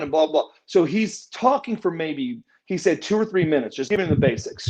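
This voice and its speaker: A man telling a backstage story in a casual interview, acting out other people's lines as he goes. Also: moderate pace. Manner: animated, acts out quotes with raised pitch. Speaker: interview guest, former wrestler. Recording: muffled lo-fi audio.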